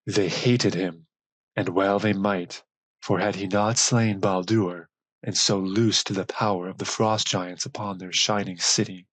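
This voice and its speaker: A man narrating a myth audiobook in a measured, solemn storytelling manner. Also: deep voice, steady tone, a bit bright, dry recording, poor audio. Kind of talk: scripted narration.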